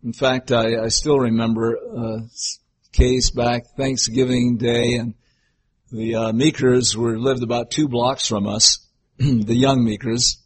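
An older man preaches a folksy sermon full of homely stories, now and then breaking into acted-out voices. He speaks slowly in a medium-pitched, level, slightly rough voice.

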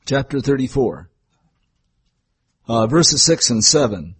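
A man's voice: mid-range voice, expressive, slow pace, fairly bright tone, husky. An older man preaching a folksy sermon, telling homely stories and sometimes acting out voices. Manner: folksy, storytelling, breaks into acted voices.

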